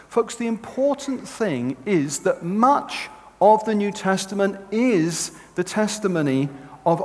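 Animated male speaker in a hall. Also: high voice. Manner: animated, conversational storytelling. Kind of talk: sermon with storytelling. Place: large hall with an audience. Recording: long reverb in a hall.

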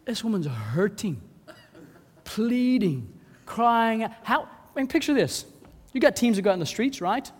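A male pastor preaching a sermon, dramatic, acting out pleading voices and swinging between hushed and loud delivery. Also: high voice, sing-song, unhurried, slightly rough. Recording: long hall reverb.

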